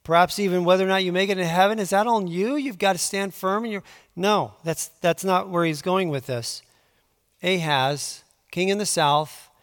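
A man preaching a conversational Bible teaching, moving between quiet asides and emphatic pleading. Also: high voice. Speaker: pastor. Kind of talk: sermon. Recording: long hall reverb.

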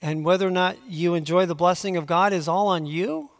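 High-voiced preacher in a reverberant hall. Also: male voice, brisk. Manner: conversational Bible teaching, swings from quiet to emphatic. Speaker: pastor. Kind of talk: sermon.

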